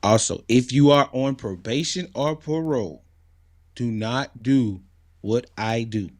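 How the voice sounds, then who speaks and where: A man's voice: medium pitch, unhurried, no room sound, studio quality. A man talking casually and earnestly in an interview, with many fillers. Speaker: interview guest.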